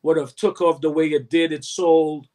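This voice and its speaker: His voice is fairly high and his pace moderate. The speaker is a recording artist in his fifties, animatedly narrating his story in an interview, acting out quotes from others and humming beats.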